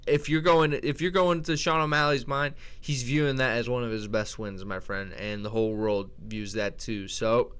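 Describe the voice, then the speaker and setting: Smooth-voiced man ranting casually. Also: mid-range voice, fairly even intonation, normal speed, hardly any pauses, a bit bright. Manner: profane, rambling, incredulous. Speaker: MMA tier list vlogger.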